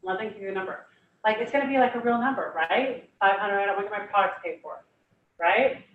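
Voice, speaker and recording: A woman's voice: mid-range voice, fast, phone-quality sound. A young woman giving a casual motivational talk, enthusiastic and chatty with lots of "like" and "you guys". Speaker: guest speaker. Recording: echoey room, far from the mic.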